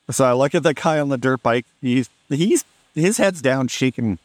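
A man's voice: mid-range voice, animated, moderate pace, no room sound. A man casually telling a funny story on a podcast, amused and laid-back, acting out what people said.

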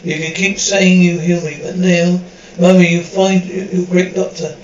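An exasperated grown daughter snapping back at her mother, as a man reads the lines. The voice is high and sits near his own plain tone. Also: little pitch movement, measured pace, a little mellow, reverberant, distant mic, muffled recording, slight background noise. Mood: angry. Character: resentful adult daughter.

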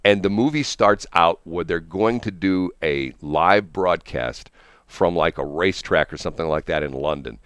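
A man's voice: deep voice, normal speed, a bit bright, clear, resonant tone, dry recording, clean studio sound. An older man hosting a radio morning show, telling rambling stories and chuckling often. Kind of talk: casual on-air chat. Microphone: studio broadcast mic.

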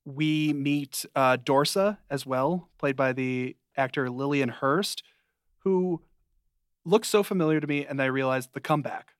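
A young man co-hosting a podcast, recapping a sitcom in a casual, dry, rambling way with quick asides. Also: mid-range voice, clear, resonant tone, dry recording. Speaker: podcast co-host. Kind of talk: casual chat.

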